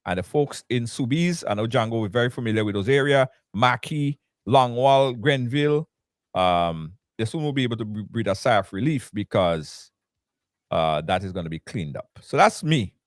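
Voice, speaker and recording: A man hosting a live online talk show, animated and repeating himself when flustered. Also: medium pitch, normal speed, no echo, clean studio sound. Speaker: host. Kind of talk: casual live chat.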